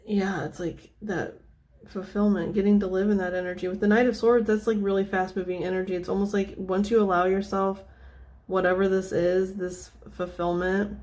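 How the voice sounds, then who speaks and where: A tarot reader gives a casual reading in an ordinary middle-pitched voice, meandering and thinking aloud with many fillers, circling back on her own words. Her tone is soft, level and easygoing, sometimes sinking almost to a whisper, at a moderate pace.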